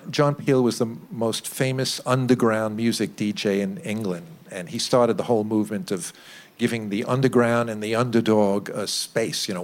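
Older man telling studio anecdotes. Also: lowish voice. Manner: lively anecdotes, acts out quotes, chuckles. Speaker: record producer. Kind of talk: interview storytelling.

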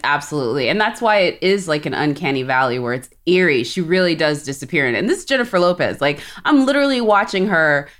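Low-voiced chatty woman from South Texas. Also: expressive, a bit bright. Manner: chatty, laughs often, quick asides. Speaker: podcast co-host. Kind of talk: casual chat.

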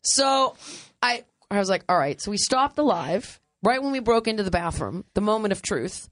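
A woman's voice: medium pitch, normal speed. A woman host spins a comic travel story in loose, casual chat. She laughs often and jumps into other people's voices as she tells it. The sound is dry and close, with no room echo. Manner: animated, laughs often, acts out others' lines.

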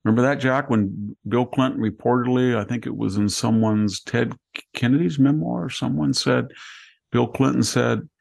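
A man's voice: medium pitch, normal speed, creaky, darkish tone. An older man talking casually on a political podcast, sardonic and given to laughing asides. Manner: sardonic, laughing, mimics others. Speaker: podcast host.

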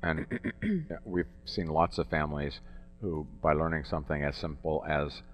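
A man hosting a conversational interview, asking brisk, prompting questions. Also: extremely low pitch, faint music behind. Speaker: host and campaign leader. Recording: dull lo-fi sound.

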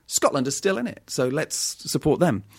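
An English man tells lively anecdotes in a relaxed chat, stumbling over his words and laughing through them. The recording is dry and close, with no room sound. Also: fairly high pitch, normal speed, gravelly, breathy edge, dry recording. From England. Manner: animated anecdotes with frequent laughs and restarts. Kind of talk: casual chat, storytelling.

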